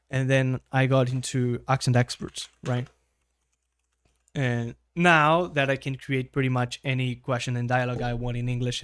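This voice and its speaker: A young man with a Brazilian Portuguese accent teaches English in a loose, chatty way, often checking in with his listener. His voice sits at an ordinary pitch. It is recorded close up in a dry, dead room. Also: no room sound. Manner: conversational, frequent tag questions. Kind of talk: casual video-call style lesson.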